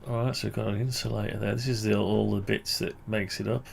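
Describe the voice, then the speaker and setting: Talking fast in a flat, lowish voice with vocal fry, a British man guides viewers through his amateur radio antenna project on screen. It's a casual walkthrough where he thinks aloud and corrects himself, with slight background noise.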